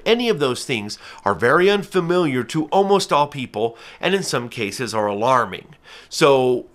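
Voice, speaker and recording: A falconer hosting his own channel gives a casual educational talk to camera in a medium-pitched, sharp-toned voice. He explains his hobby carefully and earnestly, using everyday examples.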